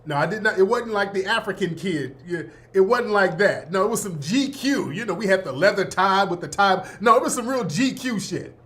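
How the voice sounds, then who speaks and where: A man's voice: high voice, animated, moderate pace, few pauses, fairly bright tone. A man in his fifties hosting a show, telling school stories in a casual, slangy way and often laughing. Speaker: host. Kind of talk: casual storytelling.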